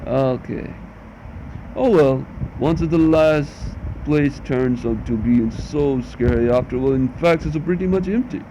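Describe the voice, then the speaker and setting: A man's voice: medium pitch, unhurried, mellow. A man doing let's play commentary of a text game, reading it aloud while swearing and grumbling, in a muffled recording with a faint hum. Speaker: gamer.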